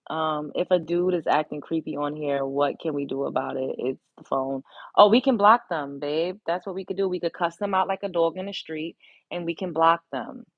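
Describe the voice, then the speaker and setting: Blunt chatty low-voiced woman streamer. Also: moderate pace, no echo, phone-quality sound. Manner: blunt, chatty, swears freely. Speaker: livestream host. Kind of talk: casual live-stream chat reading comments.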